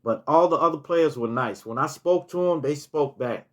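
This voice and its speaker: A man's voice on the high side, at normal speed, carries a rambling storytime monologue. He's a middle-aged vlogger telling casual stories, restarting words and dropping in "you know" as he recalls details.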